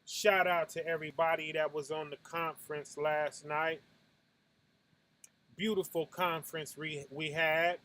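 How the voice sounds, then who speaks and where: A man with a high voice preaching at an unhurried pace, talking to listeners like friends in a casual sermon. He drops to a quiet murmur, then jumps into loud bursts and makes punching sounds, and keeps tossing in "right?" to his listeners. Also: flat delivery. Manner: swings from low and soft to loud bursts. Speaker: preacher hosting a Sabbath night talk.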